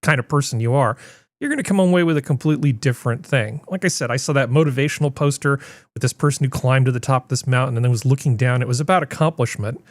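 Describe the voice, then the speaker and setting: A man's voice: mid-range voice, quick pace, dry recording. A man hosting a casual panel chat over a video call, rambling with wry asides. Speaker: host.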